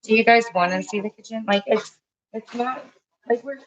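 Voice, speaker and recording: A woman's voice: a little high, moderate pace, lo-fi sound. A woman hosting a casual live cooking stream from her home kitchen, chatting in a rambling way and breaking off to talk to her pets and family.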